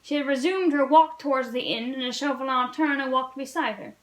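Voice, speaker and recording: A woman's voice: high voice, fairly quick, low-quality recording. A woman reading a classic novel aloud for a read-along, earnest and storybook-paced, with occasional stumbles. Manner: earnest storybook narration, occasional slips and restarts. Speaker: reader of a book-club read-along.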